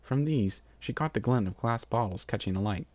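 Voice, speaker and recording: A man narrates a fan fiction story in a lively reading voice. His pitch swings widely across each sentence. The recording is dry and close. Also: normal speed, no room sound.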